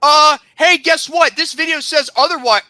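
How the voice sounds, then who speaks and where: This is a podcast host in full rant, his voice pitched unusually high for a man and cutting, almost sharp in tone. He talks with heated indignation and biting sarcasm, repeatedly rising into shouts. The sound is close and dry, with no room around it. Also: moderate pace, dry recording. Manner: sarcastic, mocking. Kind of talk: angry rant.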